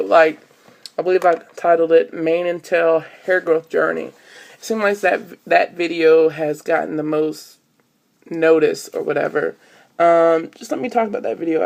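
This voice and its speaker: Chatty young woman with a gravelly edge. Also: sits low. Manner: chatty, rambling with many fillers. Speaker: vlogger. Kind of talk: casual chat to camera. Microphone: phone camera.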